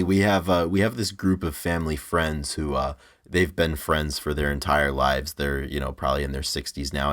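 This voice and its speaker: Deep-voiced young man telling rambling stories. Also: fairly bright tone. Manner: rambling storyteller, many restarts, laughs often. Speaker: podcast co-host. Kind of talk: casual podcast chat.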